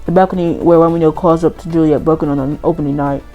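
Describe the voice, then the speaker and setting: A woman voicing a grieving, evasive adult male drama teacher, reading game dialogue aloud slowly in a put-on accent. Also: low voice, fairly even intonation, lo-fi sound, soft background music, voice pushed down. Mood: halting, sorrowful.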